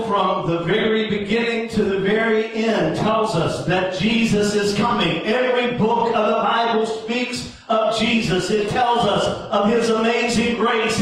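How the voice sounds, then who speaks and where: A man preaching a sermon as pastor, in a sing-song cadence that rises into shouts. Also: sits high, slight background noise. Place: church sanctuary. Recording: echoey church hall from far off.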